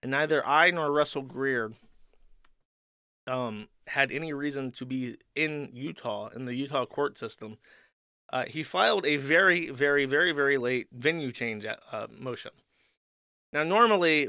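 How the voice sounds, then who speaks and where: A man hosts his own livestream from a home desk, his bright, smooth voice picked up dry and close. He rants crudely and swears often, sliding into rambling asides. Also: medium pitch, moderate pace, dry recording. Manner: crude, ranting, profane, rambling. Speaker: streamer host. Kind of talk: livestream monologue. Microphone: desk mic at computer.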